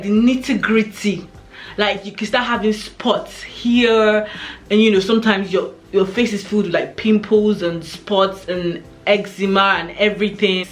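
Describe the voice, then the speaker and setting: A young pregnant woman vlogging in a chatty, animated way, telling stories to camera. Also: medium pitch. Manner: chatty, animated storytelling with many "like" and "oh my God". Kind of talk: casual chat to camera.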